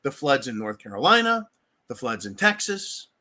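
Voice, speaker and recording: A livestream host rants with heat and frequent swearing, constantly referring to his listeners as "folks." His mid-range voice is sing-song, bright and forceful, at a moderate pace.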